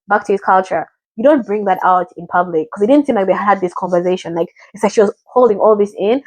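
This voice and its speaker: A woman's voice: medium pitch, dry recording. A woman from Africa in a rambling, chatty review of a reality show, often mimicking what others said. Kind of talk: casual chat.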